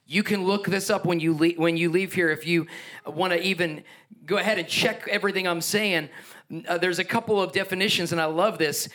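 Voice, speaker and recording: A man preaching a sermon as pastor, energetic and emphatic, with playful asides and chuckles. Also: high voice, a little fast.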